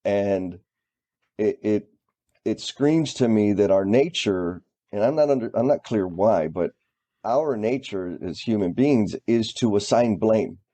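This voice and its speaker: Mellow low-voiced man talking thoughtfully. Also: lively intonation, a little slow. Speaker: podcast co-host. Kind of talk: casual chat.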